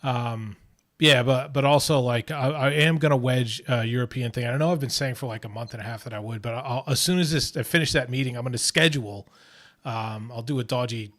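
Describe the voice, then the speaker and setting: A man's voice: medium pitch, brisk, fairly bright tone. A man hosting a casual livestream chat, talking in a rambling way with lots of restarts and fillers. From Australia. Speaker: host.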